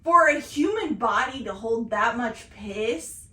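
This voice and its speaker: A woman from Southern Indiana co-hosting a podcast, telling a story in casual chat, animated and swearing freely. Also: a little high, takes it slowly, roomy sound. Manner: animated, swears freely, shouts when retelling. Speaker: podcast co-host.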